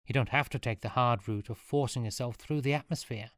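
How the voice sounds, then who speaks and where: A man's voice: mid-range voice, a little fast, fairly bright tone, no echo, studio quality, natural voice. Stinto, a cocky surfer boy, voiced by a man. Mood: boastful. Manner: boastful, breezy.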